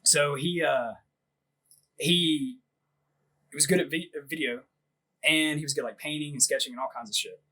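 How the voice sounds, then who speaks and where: A man's voice: fairly high pitch, normal speed, pauses often, bright, forceful tone, rough recording. A man casually telling a long story on a podcast, laughing often, swearing freely and filling his speech with "like.". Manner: laughing, profane, rambling with lots of "like". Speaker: podcast host.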